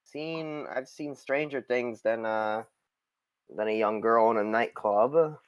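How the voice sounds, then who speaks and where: A man's voice: medium pitch, slow, clear, resonant tone, no room sound, muffled recording, natural voice. A man playing young woman Lilac in his normal voice. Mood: wry. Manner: own normal voice, no put-on accent.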